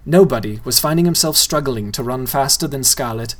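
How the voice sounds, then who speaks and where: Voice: mid-range voice, fairly quick. A playful reader narrating a novel aloud and addressing the listener directly. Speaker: storyteller.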